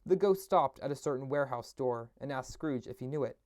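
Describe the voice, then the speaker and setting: A man reading a classic novel aloud at a steady pace, with occasional slips and restarts. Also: mid-range voice, brisk, no echo, clean studio sound. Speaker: audiobook reader.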